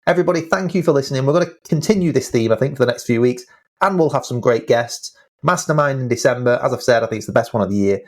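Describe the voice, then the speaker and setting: A man's voice: medium pitch, quick pace. A man hosting a podcast in casual chat, talking with enthusiasm and often repeating words as he speaks. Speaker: podcast host.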